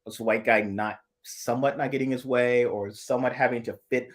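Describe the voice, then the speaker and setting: Brisk and medium-pitched, with fairly even intonation, a man co-hosts a casual live chat. He works through ideas aloud in long analytical tangents, rambling and restarting frequently.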